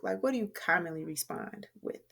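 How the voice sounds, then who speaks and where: A woman English teacher explaining a writing lesson clearly, with deliberate emphasis. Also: fairly low pitch, lively intonation, fairly bright tone.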